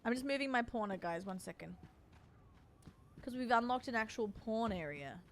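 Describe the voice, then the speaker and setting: Chatting away to her audience mid-game, this young Australian streamer keeps things playful and familiar, throwing around "doll" and "babe." She sounds a little high and animated at a normal speed, with slight background noise.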